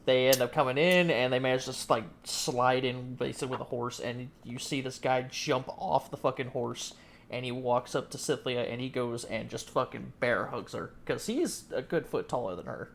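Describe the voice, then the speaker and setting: A man's voice: mid-range voice, normal speed, creaky, slight background noise. A man running a tabletop game as game master, narrating casually with swearing and frequent restarts. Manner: casual, profane, restarts often.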